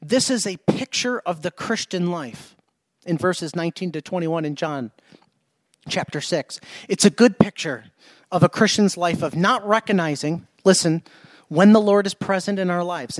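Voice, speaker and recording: High-voiced pastor preaching with emphasis. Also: male voice, dry recording. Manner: emphatic, repeats himself, asks the congregation questions. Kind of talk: sermon. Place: church.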